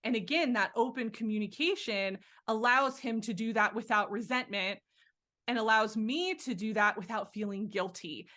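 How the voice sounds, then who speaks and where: A woman's voice: on the high side, moderate pace, sharp tone. A woman hosting a career podcast, speaking in an enthusiastic, upbeat way. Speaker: podcast host and career coach. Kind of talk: podcast interview.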